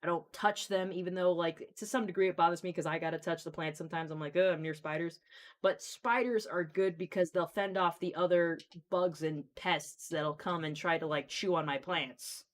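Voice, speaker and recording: Low-voiced woman chatting casually on stream. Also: normal speed, few pauses. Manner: chatty storyteller, swears freely. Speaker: streamer host. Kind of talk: casual chat on a live stream.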